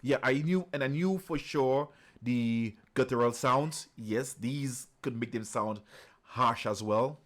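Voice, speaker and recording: A man's voice: mid-range voice, takes it slowly, fairly bright tone. A man hosting a reaction video, chatting casually and affirming often as he watches. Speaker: reaction channel host.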